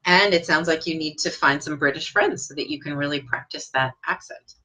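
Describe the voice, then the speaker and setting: A woman leads a live online English lesson, her tone bright and clear while her pitch sits a little low. She reads viewers' comments aloud and answers with encouraging, direct questions. Her pitch leaps up when she praises someone. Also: fairly quick.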